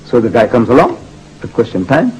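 A man's voice: medium pitch, huge pitch swings, a little fast, a little mellow, slightly rough, low-quality recording. An older man giving a religious lecture, driving his points home with repeated rhetorical questions. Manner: emphatic, repetitive rhetorical questions.

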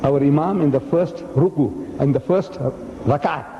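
A man giving a lecture, telling a story with lively acted-out dialogue. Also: fairly high pitch, measured pace, reverberant, in a large hall, lo-fi sound, slight background noise. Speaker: speaker.

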